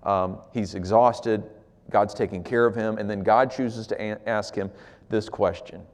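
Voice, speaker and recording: A man preaching a sermon as pastor, swinging between loud emphasis and near-whispers. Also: on the low side, steady tone, a little slow. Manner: swings from loud to hushed, acts out quoted voices. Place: church sanctuary. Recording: long hall reverb.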